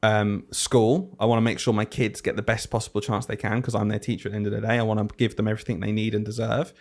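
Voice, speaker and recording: Animated teacher telling stories. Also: male voice, lowish voice, fast. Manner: animated storyteller, acts out quotes. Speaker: podcast co-host, teacher. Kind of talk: casual chat.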